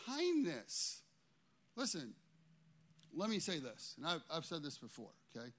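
Animated, emphatic male pastor. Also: high-pitched, unhurried, long pauses. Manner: emphatic, animated, keeps asking "okay?". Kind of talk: sermon. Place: church.

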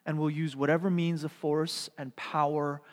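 A man voicing an impetuous male disciple who argues loudly and insistently, firing off rapid questions, in a hall with long reverb. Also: fairly high pitch, little pitch movement, lightly acted. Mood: eager.

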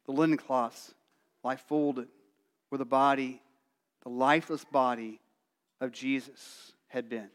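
A male pastor preaching a sermon, telling the story in a lively way and acting out excited voices. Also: medium pitch, slow, long pauses, clear, resonant tone. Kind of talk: Easter sermon.

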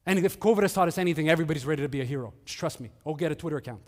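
A male pastor preaching a sermon, earnest, moving between hushed and emphatic. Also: on the high side, racing, in a large hall.

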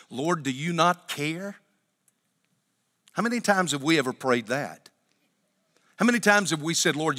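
A pastor preaching a sermon in a church, with an emphatic, repetitive cadence. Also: male voice, on the high side, sharp tone. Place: church sanctuary. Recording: long hall reverb.

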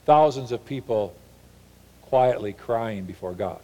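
A man preaching a sermon as a pastor, earnest, slowing and softening on key lines and slipping into mock voices to paraphrase. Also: medium pitch, lively intonation, muffled recording.

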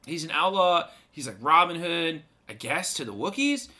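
Animated man co-hosting a chat. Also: on the high side, normal speed. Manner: joking, rambling, recapping a film. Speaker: podcast co-host. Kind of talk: casual chat.

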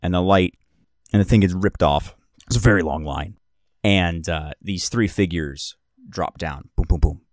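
A man's voice: low-pitched, normal speed, dry recording, studio quality. A man narrating as game master of a tabletop game podcast, describing scenes in a rambling way and correcting himself as he goes.

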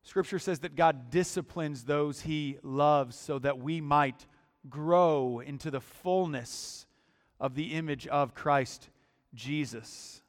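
Male pastor, emphatic sermon delivery, slightly high voice, long echoing hall. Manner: deliberate, emphatic preaching with repeated words.

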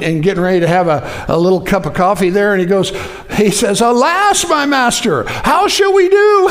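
A male pastor preaching with a strikingly high voice. He talks to his congregation casually, with lots of "you know" and "uh". Now and then he rises into loud, fervent shouts. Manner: folksy preaching, many fillers, rising to shouts. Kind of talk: sermon.

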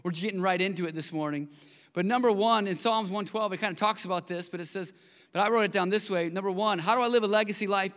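High, bright-voiced pastor in a reverberant church. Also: male voice, fast talker. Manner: conversational, animated storytelling with acted quotes. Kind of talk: sermon. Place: church sanctuary. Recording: long hall reverb.

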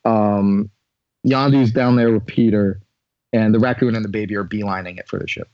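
A man co-hosting a casual podcast chat, recapping a movie in an animated, swearing, filler-heavy way. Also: on the low side, moderate pace, no echo, muffled recording. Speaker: podcast co-host.

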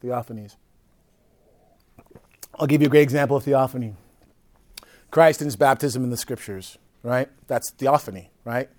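A male priest teaching a group in a conversational way, often checking in with "right?" and dropping between loud emphasis and soft, low asides. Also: normal speed, long pauses. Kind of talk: teaching talk to a live group.

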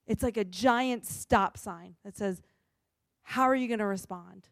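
A woman pastor giving a sermon in an earnest, expressive way, acting out the lines she quotes. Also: medium pitch, unhurried, gravelly, no echo, clean studio sound.

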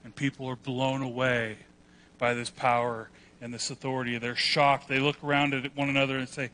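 Bright-voiced man preaching a lively sermon. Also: mid-range voice, normal speed. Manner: animated preaching, acts out quoted voices. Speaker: pastor.

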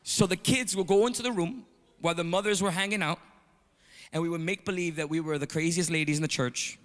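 A man preaching a sermon, telling a story with animated energy and calling out to the congregation. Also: on the high side, brisk. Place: church sanctuary. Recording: long reverb of a large hall.

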